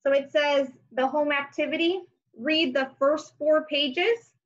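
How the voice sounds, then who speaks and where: Gentle woman teacher thinking aloud. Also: high-pitched, steady tone, unhurried, lo-fi sound. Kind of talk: remote homework lesson for young children.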